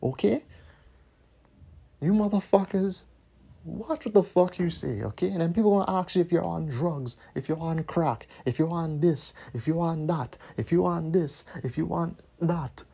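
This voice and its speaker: A man's voice: on the high side, moderate pace, vocal fry, dark tone, slightly rough. A man, hosting a podcast and delivering a profane, repetitive, scolding rant. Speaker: podcast host.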